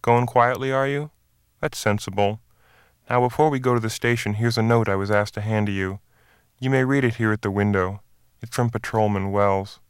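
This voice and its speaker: A man reading the part of a tall plainclothes officer who speaks in a calm, firm, controlled way. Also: on the low side, normal speed, clean tone, dry recording, studio quality, close to an everyday voice.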